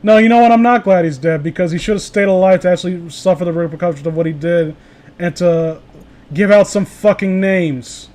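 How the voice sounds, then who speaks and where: High-pitched young man, sarcastic, swearing, casual comedic reading. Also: brisk, a little mellow. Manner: sarcastic, swears, laughs, mock voices for quotes. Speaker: host reading fan fiction aloud.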